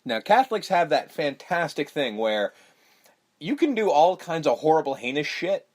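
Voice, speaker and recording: A man's voice: fairly high pitch, moderate pace. A man casually recapping a horror movie on a podcast, swearing often and acting out scenes. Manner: profane, animated, acts out scenes. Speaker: podcast co-host.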